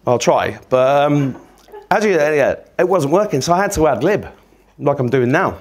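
A man's voice: on the high side, expressive, normal speed. A man, giving a sweary, rambling, self-mocking comic talk to a live audience. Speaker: podcast host giving a talk.

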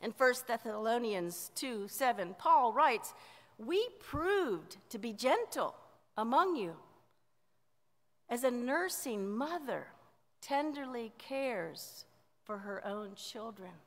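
A woman pastor preaching a sermon in a measured way, often letting line endings drop softly. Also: a little high, lively intonation. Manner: slow, measured preaching with soft dropped endings. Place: church sanctuary. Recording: church sanctuary with long reverb.

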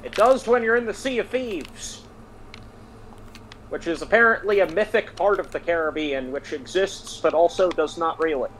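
A man's voice: high-pitched, normal speed, a bit bright, slight background noise, rough recording. A man chatting easily with a friend while they play a game together. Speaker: gaming friend. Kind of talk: casual gaming chat.

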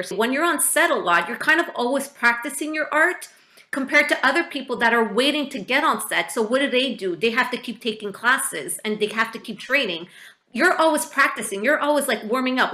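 A woman host with a bright, forceful voice and a slightly high pitch leads a casual interview. She backs her guest up with short affirmations, and her voice rings in an echoey room. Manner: encouraging, answers with short affirmations. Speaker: podcast host.

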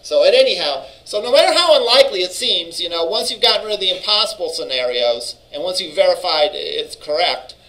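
A college instructor with a high voice and lively intonation teaches databases a little fast, with hardly any pauses and a sharp tone. The low-quality recording catches his conversational manner, frequent "all right?" check-ins, and fillers and restarts as he thinks aloud.

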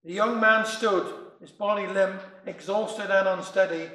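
A man's voice: high voice, fairly even intonation, unhurried, sharp tone, echoey room, poor audio. A man with a Cornish accent reciting humorous dialect poems and stories, chuckling between tales. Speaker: dialect storyteller.

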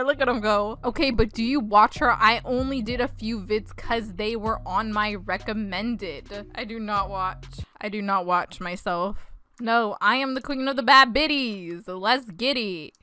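A young woman giving casual, excitable gameplay commentary, often breaking into shrieks and laughter. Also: a little high, clean tone. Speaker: gaming YouTuber.

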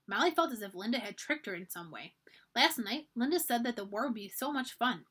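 A woman's voice: a little high, lively intonation, fairly quick, a bit bright, slightly rough. A woman reading a children's storybook aloud for a library, narrating expressively.

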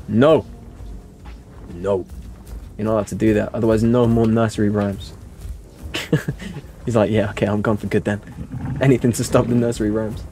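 A man's voice: on the low side, normal speed, long pauses, dark tone, faint music behind. A man streaming a game live, playfully teasing and reading out chat messages.

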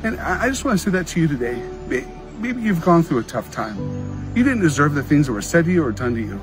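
Guy telling a heartfelt story to kids, bit of a higher voice, music going under him. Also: big pitch swings, fast, rough recording. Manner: heartfelt, encouraging, acts out quoted lines. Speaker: motivational speaker. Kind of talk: personal storytelling talk to kids.

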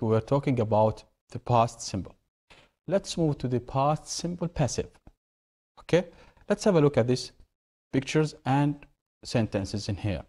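A man's voice: mid-range voice, a little mellow. A man teaching an English grammar lesson, asking questions and answering them himself while repeating key words.

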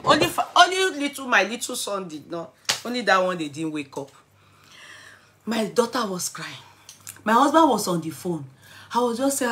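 A middle-aged Nigerian woman recounts a story to camera with big dramatic flair. Her voice sits fairly high and sounds bright and forceful. She slips between English, pidgin and Yoruba as she talks. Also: animated, moderate pace. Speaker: vlogger.

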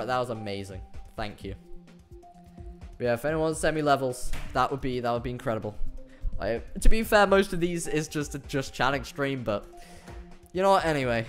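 A man's voice: medium pitch, a bit bright. A British man streaming a game live, chatting casually, laughing often and reading chat messages aloud.

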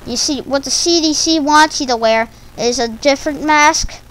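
A woman's voice: high-pitched, normal speed, a bit bright, slight background noise, rough recording. A woman rambling through a silly, stumbling casual monologue for her video channel. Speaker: video creator.

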